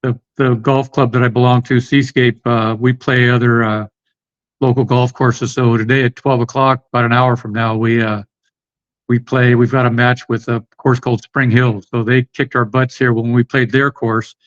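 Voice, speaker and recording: A man's voice: medium pitch, little pitch movement, normal speed, lo-fi sound. A middle-aged American man, a podcast guest, rambling with many fillers and restarts. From United States. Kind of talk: casual interview chat.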